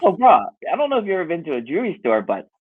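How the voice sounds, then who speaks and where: A middle-aged man, telling animated, laughing stories in casual chat and quoting people as he goes. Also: on the high side, fast, noisy background. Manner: animated, laughing storyteller with lots of voiced quotes. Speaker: musician and jewelry maker guest. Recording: tinny phone-like dry audio.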